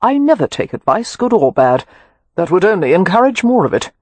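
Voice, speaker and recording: A man's voice: sits high, very animated, fairly quick, a little mellow, no room sound, voice pushed up. A man reading an audiobook, voicing a flippant, witty young aristocrat with a light, teasing manner.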